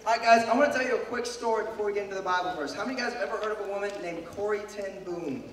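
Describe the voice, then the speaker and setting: A man's voice: sits high, racing, very noisy. A man who is losing his voice, giving a devotional talk to a group of young people, telling a story and asking the crowd questions. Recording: echoey hall, speaker far from mic.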